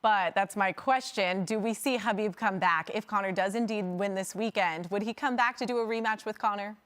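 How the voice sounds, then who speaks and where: A woman's voice: medium pitch, a little fast, a bit bright. A woman hosting a sports talk show, friendly and teasing with her guest. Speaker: show host.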